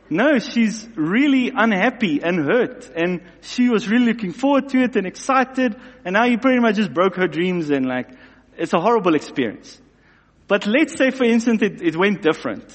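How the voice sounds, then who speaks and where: A man preaching a sermon in an animated way, acting out both sides of everyday scenes. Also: high voice, normal speed. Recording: long hall reverb.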